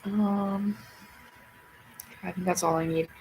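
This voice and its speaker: A woman's voice: medium pitch, takes it slowly, creaky, pauses often, slight background noise, low-quality recording. A woman hosting a livestream, rambling casually to herself and her viewers in a chatty way. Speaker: livestream host.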